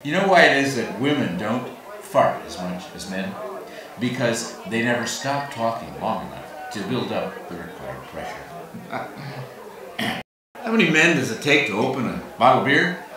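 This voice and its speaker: A man telling short jokes to a room, delivering the punchlines flatly. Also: mid-range voice, normal speed. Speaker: amateur joke teller. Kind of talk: deadpan joke telling to a room. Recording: echoey room from far off, crowd behind.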